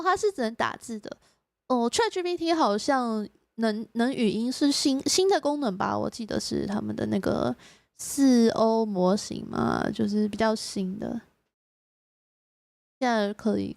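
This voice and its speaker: A woman from Taiwan, a native Mandarin speaker, hosting a casual live stream. She giggles often and speaks English slowly and carefully. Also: on the high side, creaky, a little mellow, no echo. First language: Mandarin Chinese. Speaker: streamer host.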